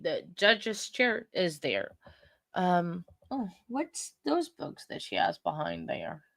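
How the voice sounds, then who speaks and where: A woman with a somewhat low voice hosts a livestream in a loose, chatty way. She rambles and laughs at herself as she reads viewer comments aloud and answers them. The sound is dry, with no room echo. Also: wildly swooping pitch, takes it slowly, vocal fry, fairly bright tone. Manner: chatty and self-deprecating. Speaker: livestream host. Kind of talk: casual livestream chat.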